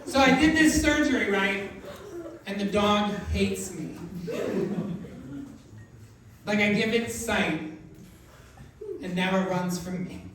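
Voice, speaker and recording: A middle-aged man performs stand-up in a small club, talking in loose, filler-heavy runs that break into loud bursts. His voice sits high, high enough that callers mistake it for a woman's. The recording is very echoey and noisy. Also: takes it slowly, pauses often, distant mic. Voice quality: voice often taken for a woman's on the phone. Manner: rambling, filler-heavy delivery with sudden loud outbursts. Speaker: stand-up comedian. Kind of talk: stand-up set. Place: comedy club stage.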